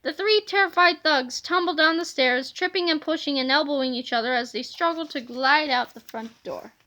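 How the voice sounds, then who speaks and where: Brief: woman reader, high and bright, animated children's read-aloud. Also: normal speed. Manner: animated storybook reading. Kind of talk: reading a children's book aloud.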